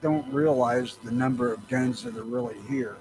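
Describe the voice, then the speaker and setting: A man's voice: medium pitch, steady tone, moderate pace, a little mellow, a little hiss or hum, rough recording. A man co-hosting a casual podcast, cutting in with wry, sardonic remarks. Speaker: podcast co-host.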